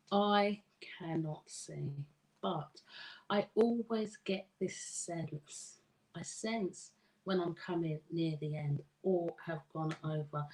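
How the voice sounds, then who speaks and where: A woman's voice: mid-range voice, poor audio. A middle-aged woman hosting a live stream, chatting with viewers and reading their comments aloud. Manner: slow, warm, chatty with viewers, laughs easily. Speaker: live show host and coach.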